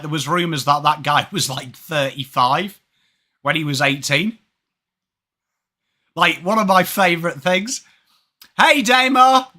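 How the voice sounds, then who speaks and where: English bloke on a live footy stream, chatty, high bright voice, shouts out to chat by name. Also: male voice. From England. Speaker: watch-along streamer.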